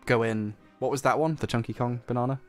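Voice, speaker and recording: A man's voice: mid-range voice, fairly even intonation, fast, smooth, soft background music. A man with a slight Yorkshire accent streaming a game, tired and joking, laughing often. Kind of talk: casual stream chat.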